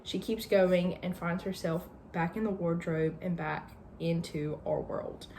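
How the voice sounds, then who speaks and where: Brief: chatty woman, low-ish voice, casual plot summary, lots of "like" and "I think". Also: steady tone, a little slow, a little mellow, a little hiss or hum. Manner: chatty, hedging with fillers. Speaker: book channel host.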